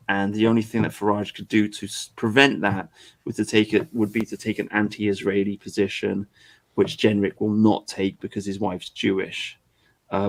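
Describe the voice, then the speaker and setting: A man hosting a podcast, ranting in crude, exasperated casual talk. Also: fairly low pitch. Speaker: podcast host. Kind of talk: casual profane commentary.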